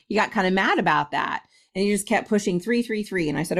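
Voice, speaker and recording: A woman's voice: lowish voice, a little fast. A middle-aged woman from Ohio, a guest medium, telling a story in a casual interview, laughing often and acting out quotes.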